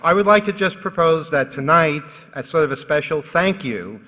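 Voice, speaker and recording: Bright-voiced man moderating a conference panel. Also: a little high, lively intonation, normal speed. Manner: casual, joking, rallying the audience. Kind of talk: live conference panel talk. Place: conference hall stage. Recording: echoey hall with faint crowd.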